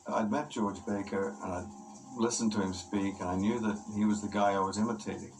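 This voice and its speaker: A man, an actor, recalling a film shoot in an interview with relaxed, anecdotal storytelling. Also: on the low side, brisk, background noise. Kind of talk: interview recollection. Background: music.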